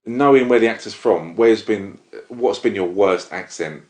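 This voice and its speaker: A man's voice: lowish voice, normal speed, darkish tone. A man hosting a casual film review podcast, rambling and enthusiastic. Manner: rambling, self-interrupting, enthusiastic. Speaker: podcast host. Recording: roomy echo.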